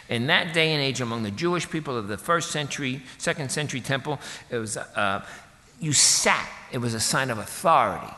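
A male pastor delivering a sermon with a bright, forceful tone. He talks casually, cracks jokes and slips into voices for the people in his story. His voice rings out with a long reverb, like a church sanctuary. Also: medium pitch. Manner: conversational, jokey, acts out voices of people in the story.

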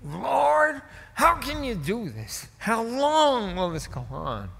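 A man voicing an older Southern preacher who cries out to God in grief, booming and raised high. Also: wildly swooping pitch, slow, vocal fry, fairly bright tone, breathy edge, big-room sound, exaggerated voice. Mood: pleading. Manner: booming, crying out in prayer.

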